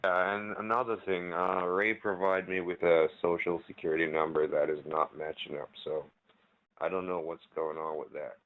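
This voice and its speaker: A man's voice: low-pitched, little pitch movement, moderate pace. A man on a phone call, asking short and terse questions. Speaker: phone scammer.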